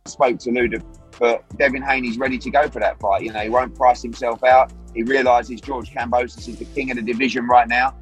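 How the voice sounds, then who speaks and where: Male, monotone, slightly raspy, businesslike promoter clip with faint music. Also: mid-range voice, a little fast, rough recording. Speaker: boxing promoter. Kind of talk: interview clip.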